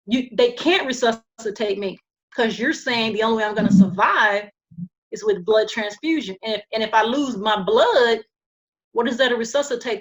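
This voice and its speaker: A woman guest on a podcast, telling a personal story in a calm, earnest way, with frequent restarts and fillers. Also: on the high side.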